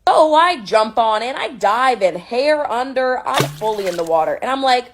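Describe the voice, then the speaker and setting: A woman's voice: on the high side, sing-song, normal speed, noisy background. A woman guest telling a funny story about herself in a breezy, self-mocking way. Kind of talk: storytelling on a podcast.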